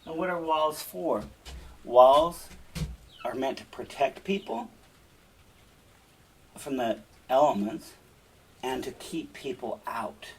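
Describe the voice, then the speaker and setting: A man with a slightly husky voice reads a fairy tale and breaks off to talk through its lessons. He speaks unhurriedly and in a conversational tone, asking questions as he goes. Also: mid-range voice, lively intonation, slow, long pauses, rough recording. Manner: stops often to explain and question, conversational. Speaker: storyteller and teacher. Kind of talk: fairy tale reading with moral commentary.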